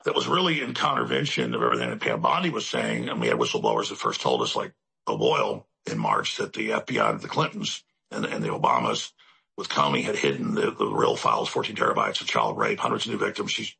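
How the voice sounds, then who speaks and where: Deep gravelly man, rambling and emphatic. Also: bright, forceful tone. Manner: rapid, rambling and emphatic, with stacked repetitions. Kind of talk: political commentary monologue. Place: studio in Central Texas.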